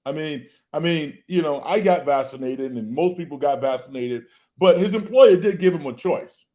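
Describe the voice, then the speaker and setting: A man in casual sports talk, making a calm, hedging counterpoint. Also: on the high side, normal speed.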